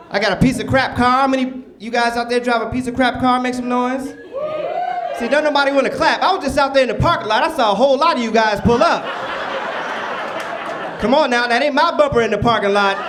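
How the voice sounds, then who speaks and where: A man performing a stand-up comedy set in a club, loud and animated with the crowd. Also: very high voice. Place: comedy club stage before a live audience. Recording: noisy club recording with crowd. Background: audience laughter and cheering.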